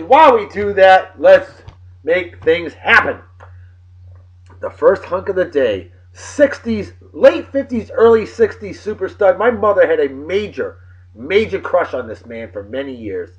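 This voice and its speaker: A man from New of the region, hosting a casual video blog with boisterous, jokey shout-outs. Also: high voice, animated, a little slow, lo-fi sound. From New England.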